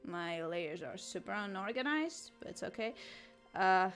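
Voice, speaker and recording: A woman's voice: medium pitch, expressive, unhurried, fairly bright tone, faint music behind. A woman chatting casually on a live art stream, giggling often as she playfully answers chat while she draws.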